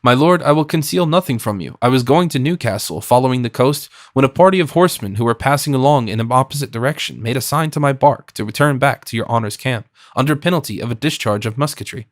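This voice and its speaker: A man's voice: medium pitch, lively intonation, fast talker, few pauses, no room sound, studio quality, close to an everyday voice. A man playing a wily, chatty old fisherman. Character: cunning, talkative French fisherman in his fifties.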